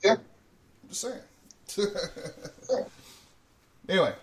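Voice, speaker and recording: A man's voice: high-pitched, sing-song, very slow, distant mic, background noise. A man hosting a morning show in casual, profane chat, laughing often at his own jokes. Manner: swears freely, laughs often at himself.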